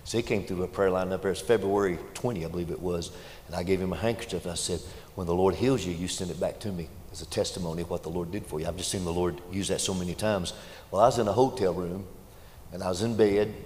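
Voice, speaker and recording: Deep-voiced preacher telling folksy stories. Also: male voice. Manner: folksy, animated anecdotes. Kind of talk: sermon storytelling. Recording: echoey hall, faint ambience.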